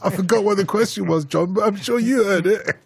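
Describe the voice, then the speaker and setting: A man's voice: high-pitched, brisk, gravelly, slightly rough, no echo. A man hosting a radio phone-in, teasing and chatty with his callers. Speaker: radio host.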